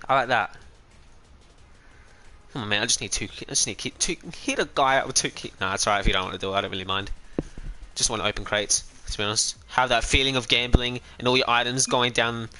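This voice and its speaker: A man's voice: medium pitch, quick pace, sharp tone. An Australian man streaming a game live, chatting casually and rambling between trades with his viewers. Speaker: gaming streamer. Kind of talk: casual live-stream chat while trading. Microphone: personal streaming mic.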